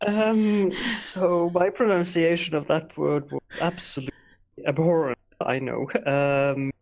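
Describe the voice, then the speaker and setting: A man from Norway co-hosting a podcast in casual chat, speaking in a measured, slightly formal way with hesitant fillers. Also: on the high side, fairly even intonation, creaky, darkish tone. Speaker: podcast co-host.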